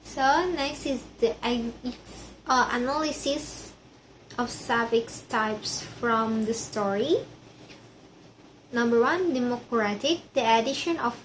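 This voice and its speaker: Woman student presenting coursework, high voice, slow careful reading, faint room ambience. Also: fairly bright tone, slight background noise, low-quality recording. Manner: careful, repeats words to get the pronunciation right.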